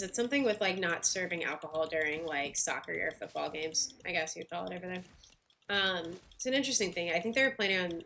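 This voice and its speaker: A woman's voice: on the low side, a bit bright, a little hiss or hum. A woman chatting casually on a game livestream, talking with lots of fillers and little laughs while she eats and plays. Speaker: game streamer.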